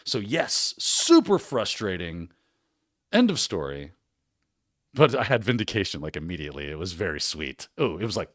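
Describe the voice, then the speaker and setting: A man hosting a cybersecurity Q&A livestream, telling a story in a casual, animated way and acting out what people said. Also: mid-range voice, brisk, no echo, studio quality. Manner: animated, laughing storyteller who acts out quotes.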